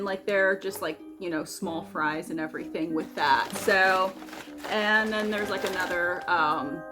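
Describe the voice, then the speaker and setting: Young adult woman, casual vlog host, meandering filler-heavy delivery, middle pitch, music bed. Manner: rambling, many fillers and restarts. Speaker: vlogger and host. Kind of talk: casual food vlog chat.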